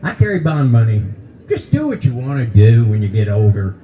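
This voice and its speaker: A man's voice: medium pitch, sing-song, fairly quick, narrow, tinny audio. A man in his seventies performing a stand-up comedy set, folksy and teasing the crowd. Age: 70s. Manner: folksy, teasing the crowd, jokes about old age. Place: brewery stage with live audience.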